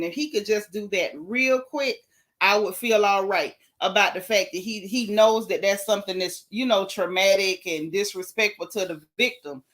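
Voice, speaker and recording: A woman's voice: medium pitch, bright, forceful tone. Sassy Southern woman gossip host. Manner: sassy, emphatic, repeats lines for effect. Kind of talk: casual livestream gossip commentary.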